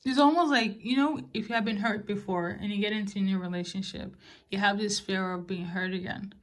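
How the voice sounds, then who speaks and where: A woman giving a casual spiritual card reading to viewers, talking in a soft, musing way with fillers and gentle reassurances. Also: mid-range voice, steady tone, a little fast. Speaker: tarot card reader. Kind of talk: casual spoken oracle reading.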